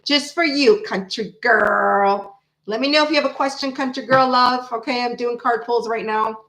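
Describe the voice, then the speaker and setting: A brash, chatty woman reads tarot live and swears freely. Her voice sits fairly high. It rings in an echoey room. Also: moderate pace, a bit bright. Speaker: tarot reader. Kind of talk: live-stream tarot reading with chat.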